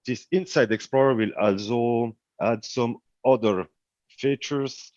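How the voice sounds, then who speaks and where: A man's voice: medium pitch, takes it slowly, darkish tone, no room sound, lo-fi sound. A man with a French accent giving a project update in an online community meeting, hesitant and searching for words. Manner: hesitant, many fillers and restarts, searching for words.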